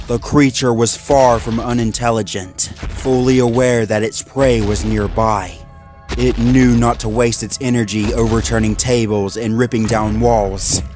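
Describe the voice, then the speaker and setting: A man reading a horror story aloud in a measured, dramatic voice-over. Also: fairly low pitch, a little mellow. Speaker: narrator. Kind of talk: scripted horror story narration. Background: faint background music.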